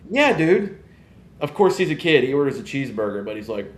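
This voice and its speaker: A man, hosting a casual live podcast and rambling in an animated way. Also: medium pitch, a little fast, reverberant, slight background noise. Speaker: podcast host. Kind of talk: casual live-stream chat.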